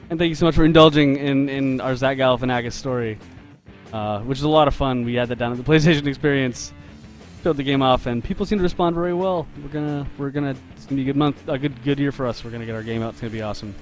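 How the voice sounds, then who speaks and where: A man telling a story in a relaxed, chatty way, laughing often as he draws live on a stream for his viewers. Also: mid-range voice, quick pace, faint music behind. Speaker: game developer and artist streaming live. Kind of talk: casual storytelling while drawing on a live stream.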